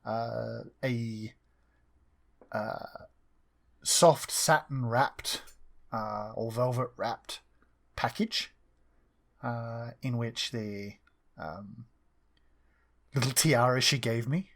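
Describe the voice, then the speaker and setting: A man playing a tabletop game on a podcast microphone, chatting casually with quick asides. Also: medium pitch, steady tone, vocal fry, a bit bright. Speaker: player.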